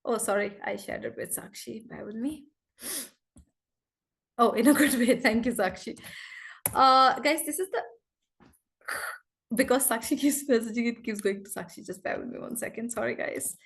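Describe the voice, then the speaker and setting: Female online English teacher, fairly high voice, chatty, apologetic, unwell. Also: moderate pace, vocal fry, pauses often, fairly bright tone, slight background noise. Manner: chatty, apologetic, repeats phrases. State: unwell, feverish. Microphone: video call.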